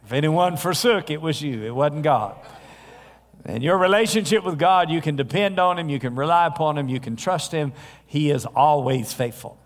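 A male pastor preaching a sermon in a church, telling stories in a conversational way with frequent pauses. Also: on the high side. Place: church sanctuary. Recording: long hall reverb.

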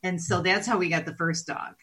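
Middle-aged woman, co-host, bright voice, lively anecdote teller. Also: on the low side, a little fast. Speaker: podcast co-host. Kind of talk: casual chat.

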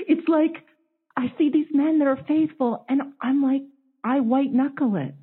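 A woman's voice: high voice, normal speed. A woman in her forties telling a personal story in candid chat, emotional and confessional, acting out others' words. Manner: emotional, confessional, quotes others in animated voices. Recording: tinny phone-line audio.

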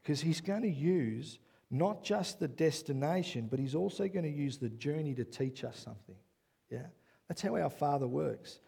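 Gravelly man preaching a sermon. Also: fairly high pitch, moderate pace. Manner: builds to loud excited preaching, asks "yeah?" often. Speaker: pastor.

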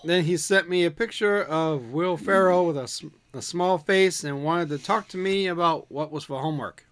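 A woman's voice: on the low side, normal speed. A woman co-hosting a casual chat, reading out funny stories and laughing often. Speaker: co-host.

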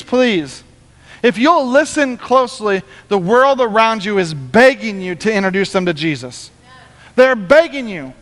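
A man preaching a sermon as pastor, talking in an animated, conversational way. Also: very high-pitched, long reverb tail.

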